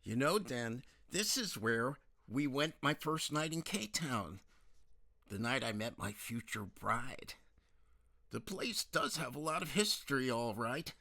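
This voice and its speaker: A man's voice: medium pitch, animated, takes it slowly, pushed and bright, no room sound, studio quality, exaggerated voice. A man voicing a friendly, chummy man reminiscing over lunch.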